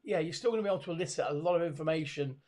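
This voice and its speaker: A middle-aged man with a somewhat high voice talks as an expert guest over a webcam call. He hesitates often, restarting phrases and filling gaps with ums and you-knows. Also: rapid-fire, a little mellow. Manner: hesitant, many fillers and restarts. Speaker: body language expert guest. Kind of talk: conversational video call interview. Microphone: video call webcam.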